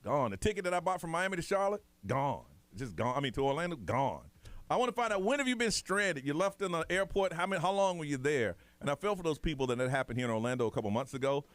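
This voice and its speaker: Talking fast in a fairly high voice, a U.S. morning radio host spins a casual story in his studio, animatedly imitating the people in it. There's no echo on the recording.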